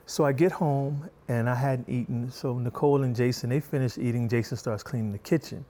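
A middle-aged man speaking in a mellow, relaxed tone as a guest. He tells personal stories at an even, middling pitch and brings them alive by acting out what people said. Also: a little fast. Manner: animated, acts out quotes with a raised pitch. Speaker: guest, author. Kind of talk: storytelling in a conversation.

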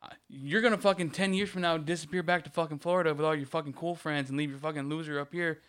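A man's voice: fairly high pitch, fairly even intonation, fast, fairly bright tone, clear, resonant tone. A young man on a podcast, heated and emotional, swearing constantly and close to tears. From Michigan. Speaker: podcast co-host. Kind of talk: casual chat.

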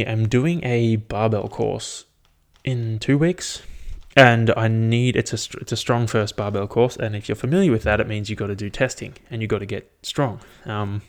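A young man casually recapping his training, rambling and swearing freely in an upbeat way. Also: fairly low pitch. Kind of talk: casual chat.

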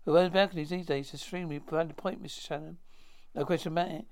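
A man as a brisk 1950s TV drama character. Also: on the high side, fairly even intonation, darkish tone, natural voice.

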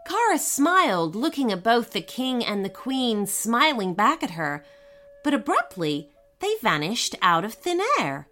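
A woman reading a children's story aloud in an expressive, unhurried way. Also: fairly high pitch, soft background music. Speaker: narrator.

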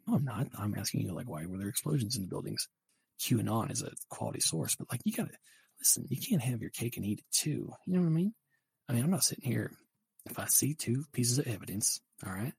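Brief: husky, gravelly young man, rambling and profane, livestream host on a dry close mic. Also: mid-range voice, quick pace, no room sound. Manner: rambling, profane, animated storytelling. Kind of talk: casual livestream chat.

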